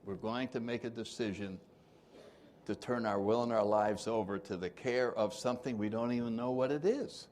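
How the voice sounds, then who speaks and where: A man's voice: medium pitch, normal speed, darkish tone, a little hiss or hum. A man leading a twelve-step recovery workshop, joking with the room and acting out the people he quotes. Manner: jokey, acts out quoted voices, laughs often.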